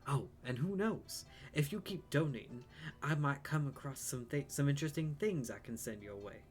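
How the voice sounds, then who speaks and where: A man's voice: medium pitch, expressive, soft background music, voice pushed up, natural voice. A man doing a courteous Southern museum curator. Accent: light Southern US, put on. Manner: courteous, inviting, measured reading. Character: polite male museum curator, scholarly. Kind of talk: reading game dialogue aloud.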